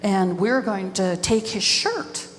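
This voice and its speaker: A woman voicing a group of young boys and quarreling brothers, quick and eager, told live with music underneath. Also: medium pitch, animated. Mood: squabbling. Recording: live with long reverb and background music.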